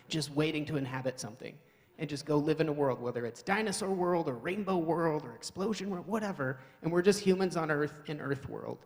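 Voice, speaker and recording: A man doing live stand-up comedy in a wry, rambling, self-mocking way, at a live event hall. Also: on the high side.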